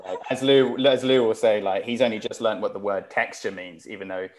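A man's voice: lowish voice, steady tone, fairly quick. A man from South London co-hosting a podcast, teasing his co-host and cheering the guest on in casual chat. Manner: teasing, enthusiastic.

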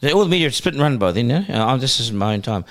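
A middle-aged man with a New Zealand accent, a podcast guest telling stories in casual chat, animated and dotted with "you know" and "bro". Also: medium pitch, rapid-fire, dry recording, clean studio sound.

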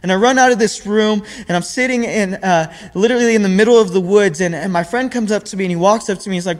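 A man's voice: high-pitched, fast talker, few pauses. A young man giving a sermon in an earnest way, often repeating words as he searches for the next phrase. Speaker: preacher. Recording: long hall reverb.

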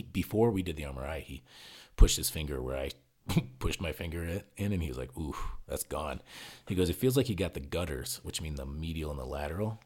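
A man co-hosting a podcast, telling a story in casual chat, animated and swearing freely as he acts out what people said. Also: rumbling low. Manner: animated retelling, acting out quotes, swearing freely.

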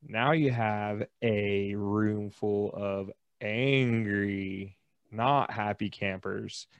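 A man co-hosting a casual podcast, an animated storyteller who acts out the people in his stories. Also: on the low side, no echo, muffled recording. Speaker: podcast co-host. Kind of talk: casual chat.

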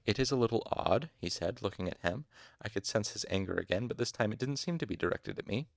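Low gravelly male audiobook reader. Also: expressive, fast, dry recording, clean studio sound. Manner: casual asides, mild exasperation at hard names. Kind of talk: fan audiobook narration.

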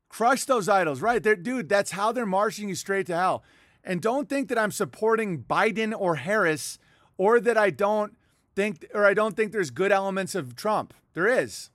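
High-voiced man ranting heatedly. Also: lively intonation, moderate pace, a bit bright, no echo, studio quality. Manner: heated, profane, mocking. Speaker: political commentator. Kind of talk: ranting political monologue.

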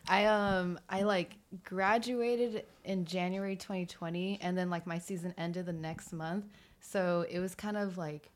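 Guest, woman in her 20s, former college athlete, slightly low voice, relaxed and full of fillers. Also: a little slow. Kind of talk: casual podcast chat.

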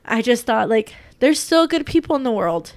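A woman's voice: fairly high pitch, sing-song, normal speed, darkish tone, no echo. A young woman vlogging casually about her day, rambling with lots of fillers and holding back tears. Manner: chatty, rambling, many fillers. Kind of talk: casual personal vlog.

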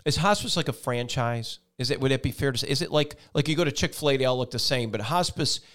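A man's voice: mid-range voice, lively intonation, fast, fairly bright tone. A man hosting a casual interview show, enthusiastic and rambling, often restarting his questions. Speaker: talk show host.

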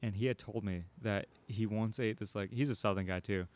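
A man's voice: on the low side, fairly even intonation, a little fast, darkish tone. A man in casual chat, telling a rambling story with many restarts. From San Diego. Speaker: podcast co-host.

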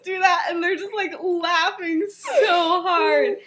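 A woman's voice: extremely high pitch, fairly even intonation, slow pace, few pauses, fairly bright tone. A young woman co-hosting a podcast, casually retelling a story with frequent giggles and lots of filler words. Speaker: podcast co-host.

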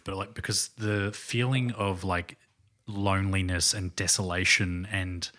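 A man's voice: deep voice, pushed and bright. A man co-hosting a casual film podcast, talking earnestly with frequent restarts. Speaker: podcast co-host.

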